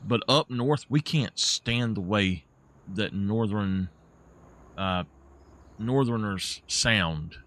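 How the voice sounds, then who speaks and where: A man's voice: lowish voice, takes it slowly, fairly bright tone. A man with a Southern US accent, chatting casually while streaming a game and laughing at his own jokes. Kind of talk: casual live-stream chat.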